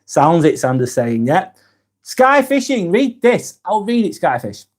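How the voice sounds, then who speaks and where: A man's voice: high voice, very animated, a little slow. A man hosting a live vlog, chatting casually and reading out viewer comments, frank and blunt with plenty of swearing.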